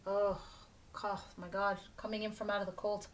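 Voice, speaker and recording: A woman's voice: medium pitch, flat delivery, normal speed, a little hiss or hum. A woman doing a casual tarot reading for her channel, chatty and blunt, often restarting her phrases. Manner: chatty and blunt, with filler words and self-corrections. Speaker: tarot reader.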